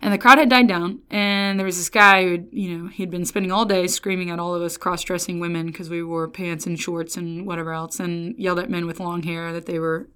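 A woman with a lowish, slightly bright, clean voice speaks briskly with few pauses and fairly even intonation. She's preaching a sermon, reading scripture before sliding into a chatty, folksy story from her student days, full of restarts, and she addresses the listeners as y'all.

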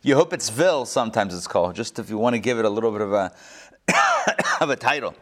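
A man's voice: lowish voice, fairly quick. A middle-aged man teaching a class, telling jokes and asking his listeners questions as he goes. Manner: animated storyteller, joking and asking the class questions. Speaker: class instructor. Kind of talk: lecture with jokes to a live class.

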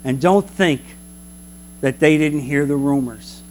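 A man teaching a Bible class in an animated preaching manner, full of rhetorical questions. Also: a little high, slow pace, a little hiss or hum.

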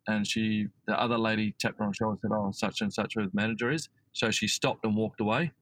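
A man's voice: lowish voice, steady tone, quick pace, a bit bright, no echo, rough recording. Australian man rambling through a story. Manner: rambling, with many fillers and restarts. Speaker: guest. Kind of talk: casual storytelling.

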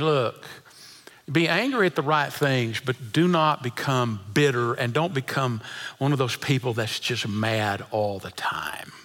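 A man's voice: a little high, bright, forceful tone. A middle-aged man preaching a sermon, telling folksy stories with chuckles and often repeating his words. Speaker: pastor.

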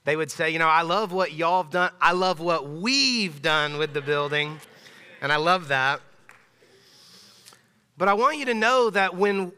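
A man's voice: high-pitched, sharp tone, smooth. A man in his thirties, a pastor giving a casual, emphatic sermon in a church sanctuary, often restarting his phrases. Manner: conversational, emphatic, with frequent restarts. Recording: long church hall reverb.

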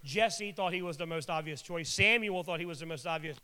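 A man preaches with a high, bright and forceful voice, talking to his listeners like friends and dropping in wry jokes. His words ring out with a long reverb tail, as if filling a large hall. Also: fairly quick, smooth. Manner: conversational, joking asides. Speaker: pastor. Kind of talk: sermon with casual storytelling.

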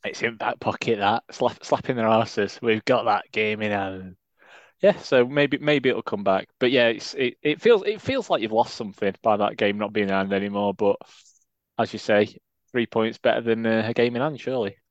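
A man's voice: on the low side, moderate pace, dry recording. A man co-hosting a football podcast, chatting casually with rambling, stammering restarts. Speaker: podcast co-host. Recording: dull, lo-fi dry sound.

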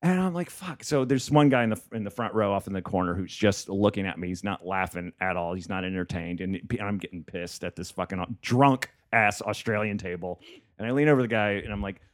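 A man's voice: lowish voice, a little fast. A man, a comedian and podcast host, telling a gig story in casual chat, profane and laughing often.

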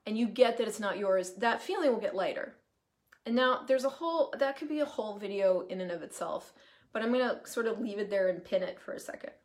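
A woman's voice: medium pitch, animated, a little fast. A woman talking casually on a live video, chatty and emphatic, greeting viewers as she goes and swearing freely. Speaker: certified facilitator hosting a live video. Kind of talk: casual live-stream monologue.

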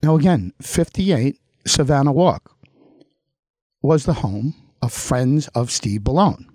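A man's voice: mid-range voice, expressive, slow, darkish tone, no echo. Indignant Long Island man ranting. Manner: indignant, emphatic repetition, addresses targets directly. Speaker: political commentary show host. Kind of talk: heated political monologue.

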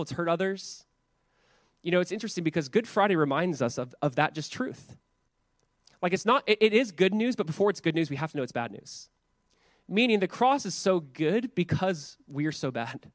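His voice sits high in this studio-quality recording that has no room sound. He's a pastor in his thirties giving a conversational church sermon, often saying "like" and repeating himself.

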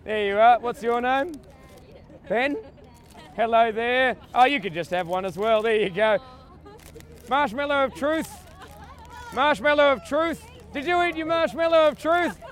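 High-voiced Australian man doing grandiose tour-guide patter. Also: unhurried, pauses often, fairly bright tone. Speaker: comedian leading a mock street tour. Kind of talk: improvised street comedy. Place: busy city street outdoors.

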